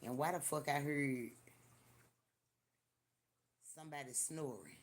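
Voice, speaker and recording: An older person hosting a live stream, telling stories in an animated, profane way and talking straight to viewers. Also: medium pitch, slow pace. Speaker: livestream host. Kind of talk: casual live-stream storytelling.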